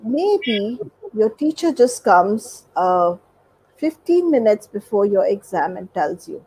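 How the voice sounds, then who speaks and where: A woman's voice: mid-range voice, very animated, slow pace, warm tone, slightly rough, poor audio. A woman, a doctor and guest expert, explaining in a conversational way and acting out everyday examples. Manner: explanatory, acts out examples with quoted voices.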